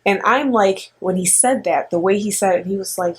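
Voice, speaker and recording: A middle-aged woman co-hosting with her son, telling a story in a rambling, animated way with lots of fillers. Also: medium pitch, moderate pace, husky. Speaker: co-host and mother. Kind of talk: casual storytelling.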